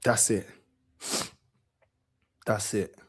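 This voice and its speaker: A man hosting a football channel, telling a story in a casual, slangy way and repeating phrases for emphasis. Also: extremely slow.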